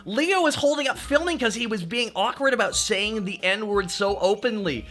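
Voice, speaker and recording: A young adult man streaming, ranting casually in a profane, animated way and laughing often. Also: high-pitched, moderate pace, soft background music. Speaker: VTuber streamer. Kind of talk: casual livestream rant.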